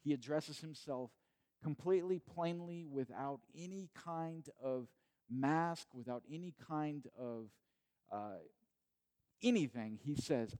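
A male pastor giving a sermon from home, talking in a relaxed, conversational way with restarts and repeated phrases. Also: a little high, slow pace, clear, resonant tone. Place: at home during quarantine.

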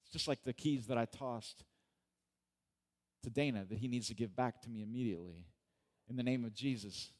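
A middle-aged pastor preaches to his congregation in a relaxed, conversational voice. He jokes and checks in with his listeners. His pitch sits in an ordinary middle register. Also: normal speed, long pauses. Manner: conversational and joking, asks the congregation questions. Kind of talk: sermon.

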